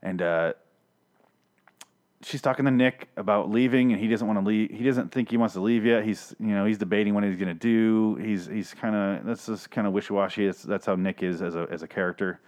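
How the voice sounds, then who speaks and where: A man's voice: lowish voice, steady tone, a little fast, a little mellow. A man recapping a TV episode in a casual, sarcastic, profane rant, often exasperated. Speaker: podcast host reviewing a TV episode.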